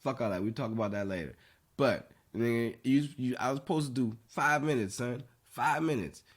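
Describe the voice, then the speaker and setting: A man hosting a podcast, telling a story loudly and animatedly, often laughing. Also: mid-range voice, normal speed. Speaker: podcast host. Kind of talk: casual chat.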